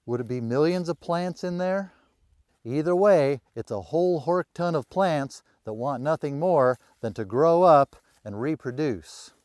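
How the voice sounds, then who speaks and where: Middle-aged man, medium pitch, dry close sound, wry and self-mocking, casual explainer. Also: darkish tone, no room sound. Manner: wry, self-deprecating humor. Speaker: rural landowner and video creator.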